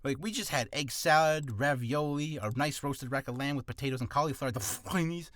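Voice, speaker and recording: A man's voice: mid-range voice, fairly quick, fairly bright tone, dry recording. A man talking casually in a vlog about reading practice, rambling and poking fun at himself. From Canada. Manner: chatty, rambling, self-mocking. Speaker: voice actor vlogger.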